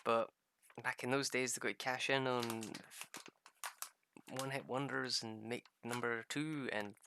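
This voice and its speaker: A man's voice: medium pitch, fairly even intonation, a little slow, noisy background. A young man rambling through a casual gameplay chat, swearing freely and laughing at his own stories. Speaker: gaming streamer.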